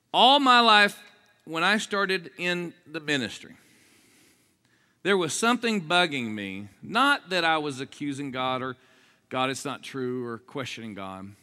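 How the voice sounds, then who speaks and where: A man preaching an energetic sermon, joking with the crowd and swinging between low asides and shouted exclamations. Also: a little slow, pauses often. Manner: jokey, asks the crowd for responses.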